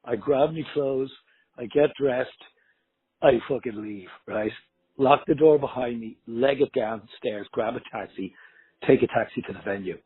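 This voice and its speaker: A man tells a story in a husky, rough voice, swearing freely and acting out every exchange. The sound is tinny and narrow, like a phone call. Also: medium pitch. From Ireland. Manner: animated, profane, acts out dialogue. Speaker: guest musician. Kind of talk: casual storytelling.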